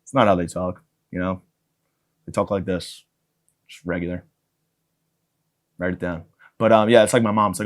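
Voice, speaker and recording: Guy in his 30s doing a solo comedy podcast rant, swears a lot, rambles, gets loud and worked up then drops back. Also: low-pitched, normal speed, pauses often. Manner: rambling, profane, jumps into loud excited bits. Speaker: podcast host.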